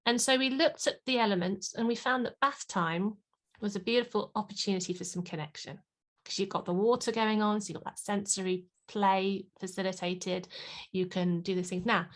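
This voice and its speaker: A woman's voice: mid-range voice, normal speed, a bit bright. A woman, a play and parenting consultant, talking animatedly in an interview and acting out parents and children. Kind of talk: podcast interview.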